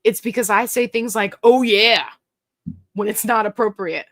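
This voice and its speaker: A woman's voice: medium pitch, fairly even intonation, brisk, fairly bright tone. Chatty woman hosting a livestream. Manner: chatty, jokey, reads viewer comments aloud. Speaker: livestream host. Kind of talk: casual livestream chat reading comments.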